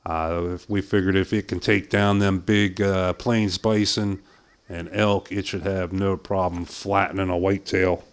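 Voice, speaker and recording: Chatty middle-aged man with a smooth voice. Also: low voice, flat delivery, a little slow. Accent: softened Pittsburgh American. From southwest Pennsylvania, USA. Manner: chatty, frequent "uh" fillers, easy laughs. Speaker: streamer playing a hunting game. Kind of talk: casual live-stream commentary.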